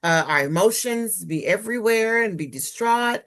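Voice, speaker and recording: A woman's voice: mid-range voice, animated, normal speed, fairly bright tone. A woman presenting on trauma healing in a webinar, speaking candidly and personally from her own experience over a video call.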